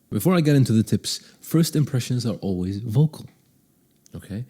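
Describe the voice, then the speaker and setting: A voice coach with a warm, mid-range voice and a breathy edge speaks at a moderate pace, animated throughout. Addressing the listener directly, he offers advice on confident speaking and frequently varies his speed and loudness to illustrate his points.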